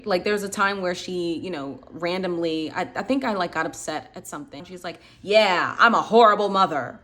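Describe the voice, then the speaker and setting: This channel host, a woman in her late twenties, offers personal storytelling commentary in a reflective, conversational tone full of "like" and "um." She speaks fairly quickly in a fairly low, slightly bright voice.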